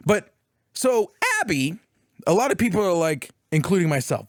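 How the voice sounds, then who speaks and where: Young guy ranting a story on a podcast, kinda high voice that jumps around a lot, cusses, dry close mic. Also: normal speed, dry recording. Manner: animated, profane storytelling recap; acts out quotes in put-on voices. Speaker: podcast co-host. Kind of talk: casual podcast chat.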